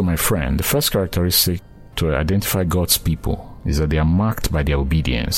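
Deep-voiced male preacher, fervent. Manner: earnest, rising to fervent emphasis on quoted scripture; addresses listener directly as friend. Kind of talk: sermon.

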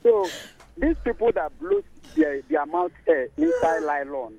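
A man with a Nigerian accent calling a radio show, telling a story in a halting, hesitant way. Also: sits high, wildly swooping pitch, creaky, noisy background. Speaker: caller. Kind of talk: phone-in storytelling. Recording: muffled phone line.

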